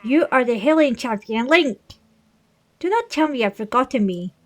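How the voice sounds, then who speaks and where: A woman's voice: sits high, animated, normal speed. A woman voicing a stately old fish-folk king. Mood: regal, welcoming. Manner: formal, stately reading of game dialogue. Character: older male fish-folk king, regal and fatherly. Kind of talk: reading video game dialogue aloud.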